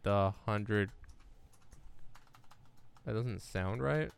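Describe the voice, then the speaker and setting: A young man chatting casually as a podcast co-host, his voice pitched low with a gravelly edge. He rambles and restarts his sentences often. His tone stays smooth and resonant, recorded close and dry. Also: expressive, extremely slow. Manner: rambling, lots of fillers and restarts. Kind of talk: casual chat.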